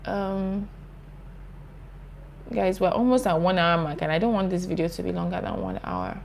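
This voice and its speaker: A young Nigerian woman hosts her YouTube channel, reading viewer comments aloud and answering them in an earnest, impassioned, chatty manner. Her voice is fairly low, expressive and creaky at a normal speed, with a slight hiss or hum in the recording.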